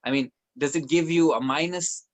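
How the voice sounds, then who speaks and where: A man's voice: on the high side, normal speed. A man from the Philippines, hosting a webinar on a video call and reading out viewer questions with hesitant fillers. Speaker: webinar host.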